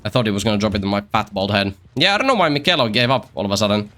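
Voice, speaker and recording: Male streamer, bright and tense voice, easygoing rambling play-by-play with jokes. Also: lowish voice, lively intonation, rapid-fire, a little hiss or hum. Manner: rambling, joking, talks to himself and other players. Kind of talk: casual live-stream gameplay commentary.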